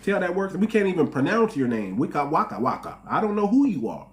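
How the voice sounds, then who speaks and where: A man's voice: on the high side, sing-song, quick pace. A man with an African American English accent, hosting his own channel and delivering a heated, repetitive, mocking commentary rant. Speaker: channel host.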